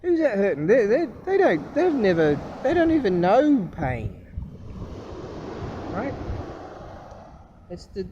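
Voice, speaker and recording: A man's voice: high-pitched, wildly swooping pitch, slow, pauses often, lo-fi sound, background noise. Profane rambling man ranting. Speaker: vlogger. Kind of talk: casual political rant.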